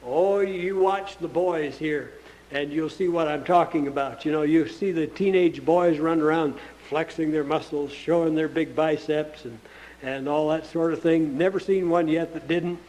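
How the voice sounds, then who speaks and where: A man with a notably high-pitched voice delivers a sermon as a pastor. He speaks earnestly and plainly, as if chatting with the congregation, and drops in rhetorical questions to keep them with him. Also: steady tone, normal speed, a little mellow, low-quality recording. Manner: conversational preaching with rhetorical questions.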